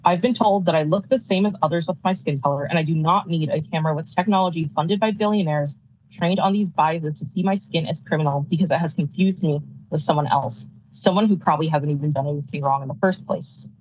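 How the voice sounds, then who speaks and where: Indignant young woman, husky lo-fi line. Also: deep voice, fast talker, darkish tone. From California. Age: young adult. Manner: firm, indignant, prepared remarks. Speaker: student public commenter. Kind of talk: public comment over a call.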